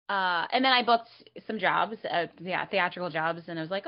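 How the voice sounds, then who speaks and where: Woman actor chatting, animated, swears a lot, kinda muffled lo-fi audio. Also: lowish voice, brisk, hardly any pauses. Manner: animated, swearing, acts out her own past reactions. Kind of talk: casual conversation. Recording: dull lo-fi sound.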